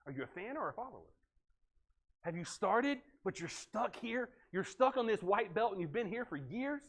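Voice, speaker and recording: A male pastor preaching a sermon earnestly, swinging from loud to hushed. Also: high voice, big pitch swings, normal speed.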